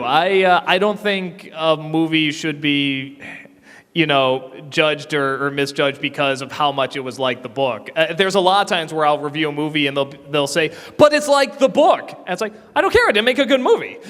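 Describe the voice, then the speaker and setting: Speaking into a handheld mic in an echoing convention hall, this man answers panel questions from the audience in a relaxed, talkative manner, frequently starting over and breaking into laughter. His throat sounds scratchy, his pitch fairly high, and his tone fairly bright.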